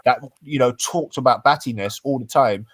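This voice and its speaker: A man's voice: mid-range voice, moderate pace, a bit bright, no room sound. Heated man arguing on a stream. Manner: confrontational, swearing, full of slang. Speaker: panel guest. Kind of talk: heated live-stream argument.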